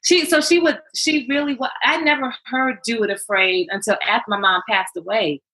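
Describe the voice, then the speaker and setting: Middle-aged woman, high bright voice, emphatic, animated storytelling, interview guest. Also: normal speed, rough recording. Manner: emphatic, animated storyteller with repeated rhetorical questions. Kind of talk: candid conversational interview.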